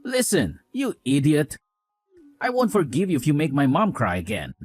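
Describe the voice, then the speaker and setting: A man plays a young husband who blindly takes his mother's side and scolds his wife with contempt. His pitch jumps around a great deal as he lectures. The sound is dry and close, with faint music underneath. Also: wildly swooping pitch, moderate pace, breathy edge, dry recording, exaggerated voice. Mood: scornful. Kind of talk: voiced drama story.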